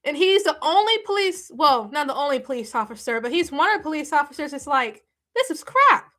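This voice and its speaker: A woman's voice: high voice, expressive, fast talker, a bit bright. A woman hosting a live stream, chatting casually with viewers in an emphatic, repetitive way and laughing often. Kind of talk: casual reaction chat with viewers.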